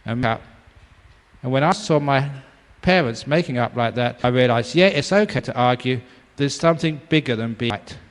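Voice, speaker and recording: A man's voice: mid-range voice, moderate pace. An older man from England giving a dharma talk, storytelling playfully and laughing often. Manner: playful, laughs often, acts out voices in stories. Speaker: meditation teacher. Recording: long reverb of a hall.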